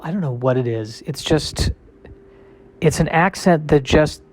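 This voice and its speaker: A man's voice: on the high side, unhurried. A male comedian in a casual solo monologue, rambling and self-deprecating with a wry tone.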